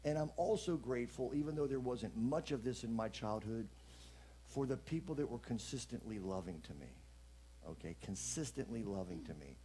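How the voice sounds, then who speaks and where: Guy giving a fun gratitude message at church, jokey and animated, warm mellow tone. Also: medium pitch, moderate pace, slight background noise. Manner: playful, animated, jokes with the audience. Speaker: inspirational speaker at a church service. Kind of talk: lively spoken message.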